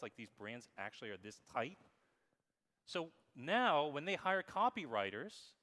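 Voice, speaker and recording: Addressing the crowd head-on, a thirties-aged man delivers an energetic, forceful conference keynote. He speaks at a medium pitch, and the audio carries the sound of a big room.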